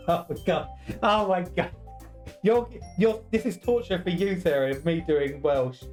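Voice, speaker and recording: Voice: mid-range voice, expressive, unhurried, a little mellow, faint music behind. Giggly, chatty game streamer. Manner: giggly, chatty, breaks into laughter often. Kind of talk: casual let's-play commentary.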